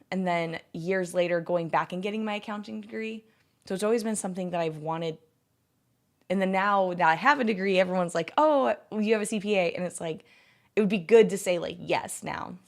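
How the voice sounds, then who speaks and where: A woman's voice: on the low side, fairly even intonation, normal speed, gravelly. A woman in her thirties, a livestreamer chatting casually with her viewers, rambling and filling her talk with "like". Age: 30s. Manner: rambling, heavy use of "like". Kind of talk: casual stream chat.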